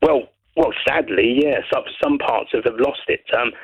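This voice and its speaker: A man from Brighton calling in to a radio show, chatting in a hesitant, rambling way and often repeating words. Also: mid-range voice, moderate pace, vocal fry, slightly rough. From Brighton, England. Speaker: caller. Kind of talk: phone-in chat. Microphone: telephone. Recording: muffled phone line.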